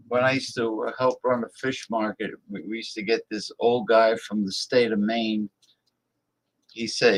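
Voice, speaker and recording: A man's voice: lowish voice, low-quality recording. A man hosting a casual political livestream, reading viewer messages aloud and speaking bluntly and emphatically, often repeating words for effect.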